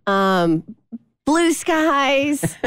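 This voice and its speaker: A woman co-host tells a story on the radio, her voice bright and high and swooping all over as she acts out each person. She talks in a casual, chatty way into a studio mic with a dry, close sound. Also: sing-song, drawn-out words, no echo. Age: adult mother of a toddler.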